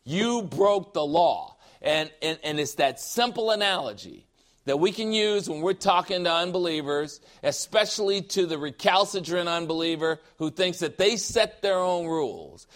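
A man preaching a sermon in a forceful, emphatic way, firing rhetorical questions and mocking the objections of skeptics. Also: fairly high pitch, lively intonation, normal speed.

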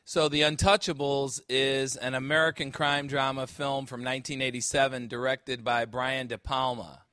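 Emphatic Chicago-born pastor preaching. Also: male voice, medium pitch, little pitch movement, moderate pace, few pauses, bright, forceful tone, no room sound, studio quality. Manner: emphatic, rhetorical questioning. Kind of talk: sermon. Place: church. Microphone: handheld microphone.

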